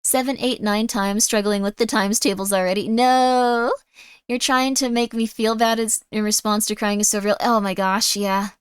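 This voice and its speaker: A woman's voice: mid-range voice, fairly even intonation, moderate pace, hardly any pauses, clear, resonant tone, no room sound, clean studio sound. A woman streamer chatting casually and bubbly with her viewers on a streaming mic. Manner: bubbly, chatty, reacting to chat.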